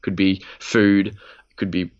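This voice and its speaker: A man's voice: low-pitched, level tone, slow, clear, resonant tone, highs cut off. A man, co-hosting a podcast in loose, rambling casual chat, swearing freely. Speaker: podcast co-host.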